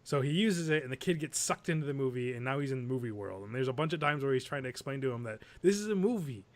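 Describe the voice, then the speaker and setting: A man's voice: medium pitch, lively intonation, quick pace. A man co-hosting a podcast in casual chat, talking eagerly and laughing as he retells scenes. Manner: enthusiastic, laughs while retelling movie scenes. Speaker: podcast co-host.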